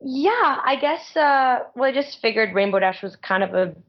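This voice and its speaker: Female guest, naturally raspy, casual and chatty, lo-fi line. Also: sits high, lively intonation, normal speed. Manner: chatty, lots of "like" fillers, laughs often. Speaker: guest voice actress. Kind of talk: casual interview chat.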